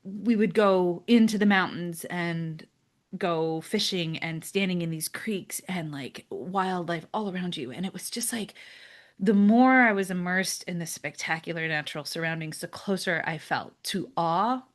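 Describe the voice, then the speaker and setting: An American woman talking casually as a guest, animated and laughing often, sometimes dropping to a soft near-whisper. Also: on the low side, unhurried. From United States. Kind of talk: casual conversation.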